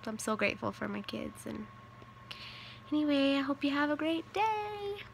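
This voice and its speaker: A woman's voice: high-pitched, big pitch swings, normal speed, gravelly, a little hiss or hum. A woman in her thirties, a widowed mother, telling a personal story in a casual, rambling way, full of "like" and "you know".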